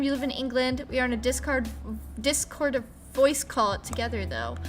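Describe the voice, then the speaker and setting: Chatty American streamer woman, higher voice. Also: animated, normal speed, soft background music. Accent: American Midwestern. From Ohio, USA. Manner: chatty, playful, swears casually, squeals at pets. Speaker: Twitch streamer. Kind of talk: casual stream chat reading viewer questions.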